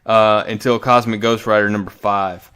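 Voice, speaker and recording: A man giving a casual, animated recap of a comic book story as a reviewer, often restarting his sentences. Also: on the low side, moderate pace, clear, resonant tone.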